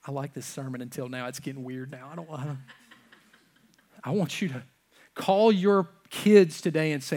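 A male pastor delivering a sermon in a slightly high voice. He preaches with passion, swinging between loud urgent peaks and hushed, low lines. He acts out God's voice and his listeners' objections as he goes. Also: animated, normal speed. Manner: impassioned preaching, acting out God's voice and the congregation's objections.

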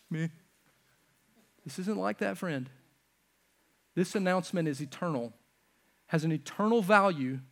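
High-voiced man preaching a sermon. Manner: swings from loud emphatic to hushed, near-whispered lines. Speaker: pastor. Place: church stage.

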